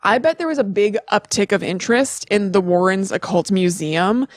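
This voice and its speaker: A woman co-hosting a casual podcast, chatty and quick to laugh at herself, with a light New York tinge to her accent. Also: medium pitch, dry recording, clean studio sound. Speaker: podcast co-host.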